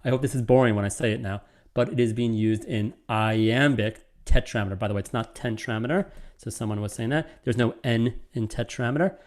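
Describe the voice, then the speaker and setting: A man teaches poetry over a video call, his pitch sitting in an ordinary middle range. He explains step by step, thinking aloud as he works through each point. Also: fairly quick. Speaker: lecturer. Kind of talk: online literature lecture.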